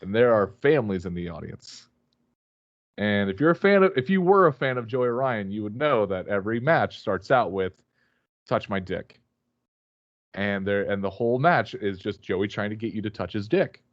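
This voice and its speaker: A man's voice: lowish voice, expressive, brisk, no echo, highs cut off. A man guest on a remote call, telling a rambling, swear-filled story with many fillers and restarts. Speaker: podcast guest, wrestler. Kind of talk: casual storytelling chat.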